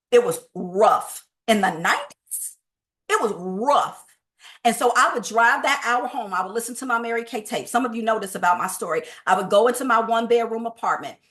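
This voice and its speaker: A woman in her fifties giving a lively, preachy sales training talk, acting out phone calls as she goes. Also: on the high side. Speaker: sales coach.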